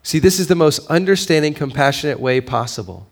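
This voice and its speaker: A male pastor giving a sermon, moving between quiet storytelling and raised, emphatic preaching, with a conversational habit of asking "right?". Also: on the high side, animated, brisk. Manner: conversational, with fillers and frequent "right?".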